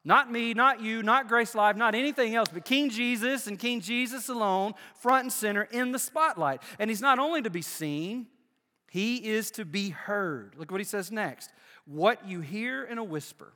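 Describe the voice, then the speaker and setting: An older male pastor preaches with a high, bright, ringing voice. He moves between loud emphatic bursts and quiet, low-pitched asides. His words trail off into a long hall reverb. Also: normal speed. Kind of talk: sermon.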